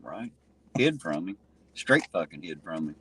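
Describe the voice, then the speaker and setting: Inside a moving car thick with road noise, a channel host and auditor chats mockingly as he drives, laughing and cursing often. He speaks a little slowly in a low, slightly rough, very animated voice, with no echo but poor audio.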